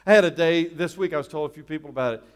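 A man's voice: a little high, racing, clear, resonant tone, big-room sound. A male pastor preaching a sermon, earnest and repeating his key lines for weight.

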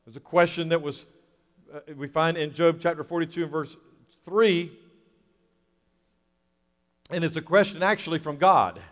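Male pastor, earnest sermon delivery, slightly high voice, echoey church sound. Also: steady tone, moderate pace, long pauses. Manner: earnest, repeats key phrases.

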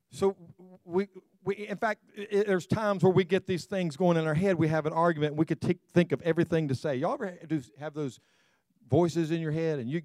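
A middle-aged male pastor delivering a sermon in a conversational, storytelling way, full of self-deprecating humor. His voice sits a bit high for a man. It is recorded close and dry, with almost no room sound. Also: a little mellow, no room sound. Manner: addresses the congregation directly.

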